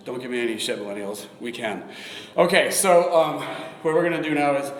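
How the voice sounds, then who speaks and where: Man, forties, live workout chat, breathy, swears, mid pitch, echoey reverberant room. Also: lively intonation, brisk. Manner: chatty, swears, breathing heavy between sets. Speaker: fitness vlogger. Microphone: phone camera.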